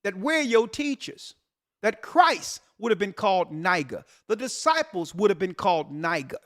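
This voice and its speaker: Animated man preaching over the news. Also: high-pitched, moderate pace. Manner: animated preaching delivery, rhetorical questions, repeated emphasis. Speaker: church elder and show host. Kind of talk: commentary on a news article.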